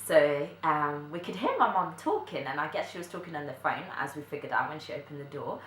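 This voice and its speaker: A young woman, telling a story to camera in a chatty way, full of filler likes and quick laughs. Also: deep voice, animated. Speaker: vlogger. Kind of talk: casual storytime chat. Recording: echoey room, faint background noise.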